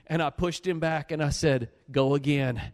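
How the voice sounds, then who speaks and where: High-voiced preacher. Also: male voice, normal speed, in a large hall. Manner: animated, swings from loud bursts to low earnest pleas. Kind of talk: sermon with storytelling.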